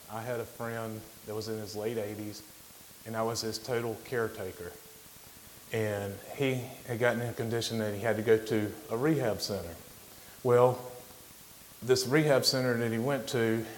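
A middle-aged man giving an informal sermon as a guest speaker, plainspoken, halting, with frequent restarts. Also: fairly low pitch, a little hiss or hum, low-quality recording. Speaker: guest lay preacher.

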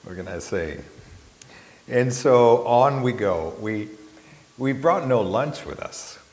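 A man telling an animated, self-mocking story about a grueling trek to an audience. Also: mid-range voice, takes it slowly. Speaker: storyteller recalling a trip. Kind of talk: spoken anecdote to an audience. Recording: echoey hall, faint hiss.

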